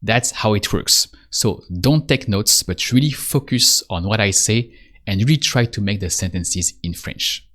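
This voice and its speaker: Slow, patient low-voiced man teaching. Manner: patient, calm, repeats prompts and pauses for answers. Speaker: French teacher. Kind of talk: slow spoken language lesson.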